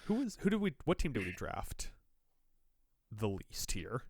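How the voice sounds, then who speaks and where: A man's voice: medium pitch, huge pitch swings, unhurried, a little mellow, breathy edge, dry recording, studio quality. A man co-hosting a sports podcast, joking and teasing in casual chat, a little stuffy from allergies. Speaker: podcast co-host.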